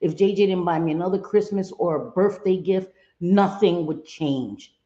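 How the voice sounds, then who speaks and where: A woman's voice: on the low side, normal speed, mellow, echoey room, muffled recording. A middle-aged woman hosting a casual live stream, chatting expressively and greeting viewers by name. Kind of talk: casual live chat reading viewer comments.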